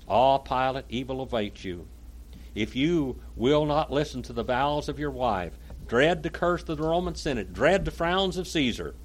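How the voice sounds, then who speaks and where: Man preaching, reading dramatically aloud. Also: mid-range voice. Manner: dramatic reading, stumbles on hard words. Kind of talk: sermon reading aloud from a text with comments.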